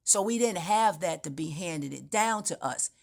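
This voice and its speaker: A woman's voice: on the low side, lively intonation, normal speed, creaky, a little mellow. A woman giving an unscripted spiritual monologue, telling her story in a meandering, emphatic way with frequent restarts. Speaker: spiritual speaker.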